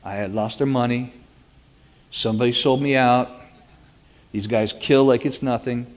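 A man recounts a dramatic personal story, switching into animated voices for the people in it. His voice sits at a middling pitch, and the long reverb of a large hall trails after each phrase. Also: measured pace. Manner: animated, acts out quoted dialogue. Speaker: speaker giving a personal testimony.

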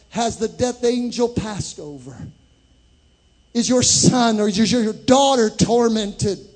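A man preaching a sermon as pastor, impassioned, swinging from loud climaxes to hushed storytelling. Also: high voice.

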